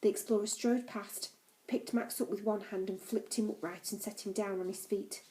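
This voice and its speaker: Female audiobook reader, calm storytelling, mid-pitched mellow voice. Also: moderate pace, poor audio. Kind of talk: reading a novel aloud.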